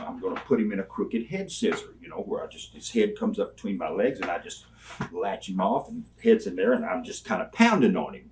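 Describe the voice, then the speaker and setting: An older man, an interview guest, telling rambling stories and acting out the people in them. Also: low-pitched. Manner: rambling, animated, acts out quoted people. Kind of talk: storytelling. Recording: voice somewhat distant from mic.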